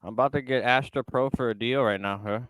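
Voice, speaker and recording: A man's voice: medium pitch, quick pace, clear, resonant tone, dry recording. A man chatting casually and loosely on a live stream panel, with some swearing. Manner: loose, swearing banter with shouts. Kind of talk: casual chat.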